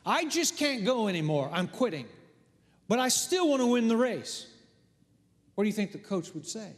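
A middle-aged man preaching a sermon as pastor, telling stories with big swings from hushed to loud. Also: extremely high pitch, sing-song, normal speed. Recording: long hall reverb.

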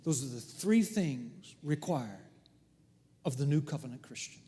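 Middle-aged pastor guy, high voice, swings quiet to loud a lot, echoey church hall. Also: a little slow. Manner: animated storytelling, swings from hushed to loud. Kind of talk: sermon. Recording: long hall reverb.

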